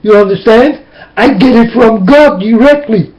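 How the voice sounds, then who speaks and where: A man's voice: sits high, measured pace, a little mellow. Impassioned man on lo-fi webcam audio. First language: Dutch. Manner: impassioned, tearful, repetitive preaching. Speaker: webcam speaker. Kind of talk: emotional webcam monologue. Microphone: webcam mic.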